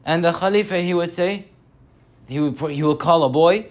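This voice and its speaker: A young man giving a Friday sermon as a story, animated and slowing down on key points. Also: on the high side.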